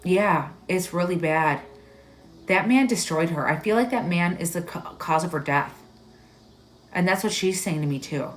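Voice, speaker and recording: Woman, live-stream medium, halting searching speech, lowish voice, faint background music. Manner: halting, searching delivery with many "like"s; emotional, tearful at moments. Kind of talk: live-stream spirit reading.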